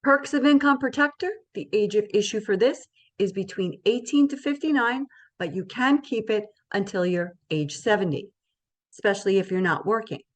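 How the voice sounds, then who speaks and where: Woman presenter, mid pitch, conversational explainer style, often checks in with her audience. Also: lively intonation, normal speed. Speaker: insurance presenter. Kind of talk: educational presentation.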